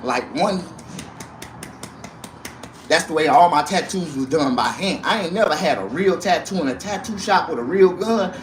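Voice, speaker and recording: A man rambling on a livestream about tattoos, his shirt and a rap feud, out of breath, with loud bursts and mumbled asides. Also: fairly high pitch, normal speed, long pauses, slight background noise. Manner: rambling and animated, swinging between loud outbursts and mumbling. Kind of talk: casual livestream rant.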